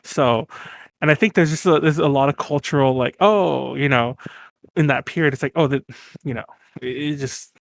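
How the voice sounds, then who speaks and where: A man's voice: mid-range voice, normal speed, vocal fry. A man co-hosting a podcast in casual chat, rambling with many fillers and restarts and laughing often. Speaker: podcast co-host.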